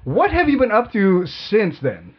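A man's voice: sits high, huge pitch swings, a little slow, husky, lo-fi sound. A man co-hosting a casual chat, joking and poking fun at himself. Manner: self-deprecating, joking.

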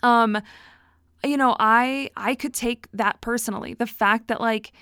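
A woman's voice: fairly high pitch, unhurried, pushed and bright, clean tone, dry recording, clean studio sound. A woman hosting a casual solo podcast, chatty and reflective, laughing often and talking with lots of fillers. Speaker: podcast host.

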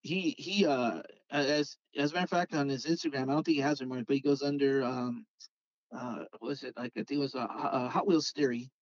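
A man's voice: mid-range voice, fast talker, no echo, highs cut off. A man casually telling a rambling story about customizing toy cars, acting out the voices of his friends along the way. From Southern California. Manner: rambling, animated when quoting others. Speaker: guest, Hot Wheels customizer.

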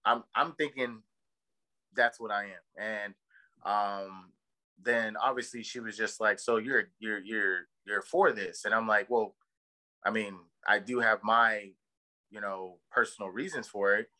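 Podcast guy rambling and cussing a lot, bright forceful voice, lots of ums. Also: lowish voice, fairly even intonation, unhurried, poor audio. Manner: rambling, profane storytelling with many fillers; heated and emphatic. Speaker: podcast co-host. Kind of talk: casual podcast chat.

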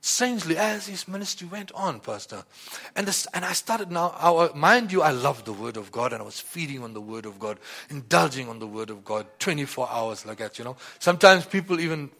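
A man's voice: on the high side, animated, bright, forceful tone. Rambling man telling his testimony. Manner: rambling, repeats "you know" and "like that"; halting, many restarts and fillers. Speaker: church member giving testimony. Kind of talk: personal testimony.

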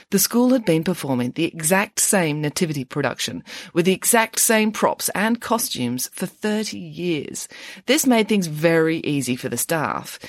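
A woman reading a children's storybook aloud in an expressive, storytelling manner. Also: fairly low pitch, no echo, studio quality. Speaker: audiobook narrator.

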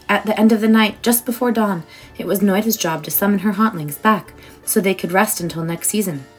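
A woman reading a children's storybook aloud in an expressive, warm way. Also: medium pitch, rough recording. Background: soft music.

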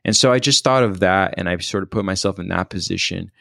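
Speaking in a very low, fry-laden voice with a bright, forceful tone, a man tells a story from his own life. He is reflective but halting, often breaking off to begin again, and the close, dry recording carries no room sound.

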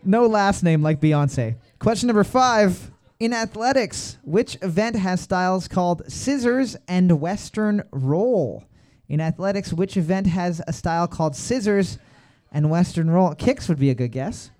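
A man's voice: high-pitched, expressive, a little slow, darkish tone. A man hosting a trivia night, reading each question twice and riffing with crude jokes between answers. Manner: reads questions twice, riffs with joking crude asides. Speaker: trivia quizmaster.

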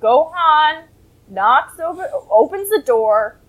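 A woman hosts a casual chat podcast, retelling a cartoon episode with lots of energy. Her voice sits high and jumps around in pitch. She laughs often as she talks. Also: slow pace, rough recording. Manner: animated, laughing, acts out characters in quotes. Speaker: podcast co-host.

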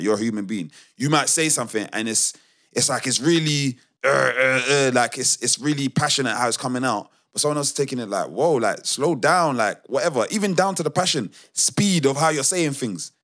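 A man co-hosts a casual podcast chat. He reasons slowly and hesitantly, with many false starts and repeated words. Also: medium pitch, a bit bright. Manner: hesitant, restarts often while reasoning. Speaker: podcast co-host.

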